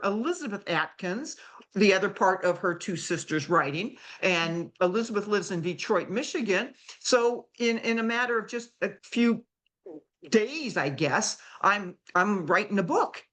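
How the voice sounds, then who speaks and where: An older woman, a guest author on a talk show, telling her story in an animated way and acting out quoted voices. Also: medium pitch. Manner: acts out quoted voices, lively and exclamatory.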